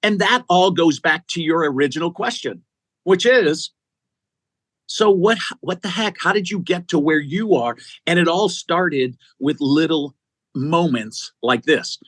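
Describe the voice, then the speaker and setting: A man's voice: a little high, a little slow, no room sound. A middle-aged man, an executive search CEO, telling stories as a guest in an interview, acting out the people he quotes. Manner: animated storyteller, acting out quotes. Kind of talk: storytelling in an interview.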